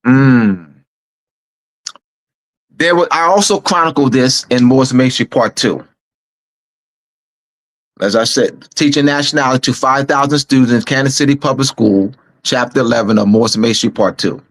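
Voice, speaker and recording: A middle-aged man, a teacher and author, telling a story from his teaching days in a relaxed, recollecting way, pausing and restarting as he remembers. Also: medium pitch, poor audio. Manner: unhurried recollecting with pauses and restarts. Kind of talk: casual storytelling.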